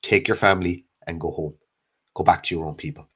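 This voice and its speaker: Irish male co-host, very low husky voice, angry profane ranter. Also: steady tone, brisk. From Ireland. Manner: furious, blunt and profane, repeating short slogans. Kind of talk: angry political rant on a live stream.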